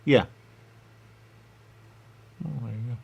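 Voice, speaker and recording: A man rambling in a goofy comic back-and-forth with himself, answering his own questions and dropping into hushed asides. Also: medium pitch, slow pace, gravelly, husky, dull audio. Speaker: radio show personality.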